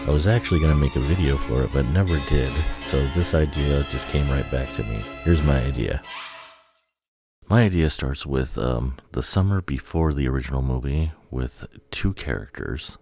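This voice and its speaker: A man casually pitching a story idea in a rambling, loose way, with casual swearing. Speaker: video creator.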